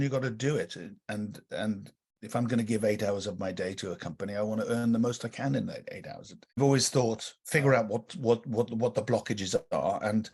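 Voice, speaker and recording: A man's voice: on the low side, a little mellow, husky. A man talking casually as an interview guest, rambling with frequent restarts and fillers.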